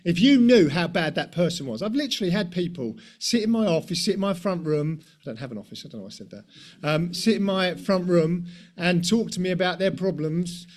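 A man with a high, light voice preaches a conversational sermon. He leans on rhetorical questions and tag questions and slips in self-deprecating asides. He sounds middle-aged.

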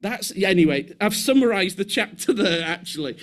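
Animated man preaching. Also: high-pitched, fairly quick. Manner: animated, acts out quoted voices, frequent restarts. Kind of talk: sermon.

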